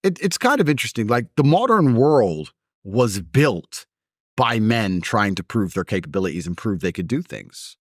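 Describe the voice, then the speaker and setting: A man talking as an interview guest in a forceful, opinionated way. He is blunt, swears, and mimics other people's voices in his stories. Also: on the low side, big pitch swings, moderate pace, dry recording, studio quality.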